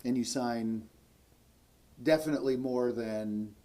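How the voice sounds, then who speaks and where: A man narrating as game master, easygoing and halting, often pausing mid-sentence. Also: mid-range voice, mellow, slight background noise.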